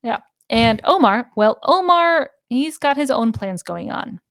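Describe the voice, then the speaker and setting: A woman's voice: a little high, very animated, fairly bright tone, no echo. Give me a woman podcast co-host with a wry, sarcastic way of summarizing a story, recorded close and dry. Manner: brisk, wry plot recaps with dry sarcasm. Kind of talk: casual book-club chat, summarizing plot.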